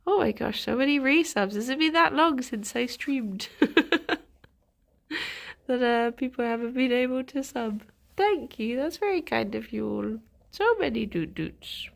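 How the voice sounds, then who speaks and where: A woman's voice: a little high, animated, measured pace, vocal fry. A woman streamer chatting casually on a live stream, congested from a cold, reading out chat messages and laughing often.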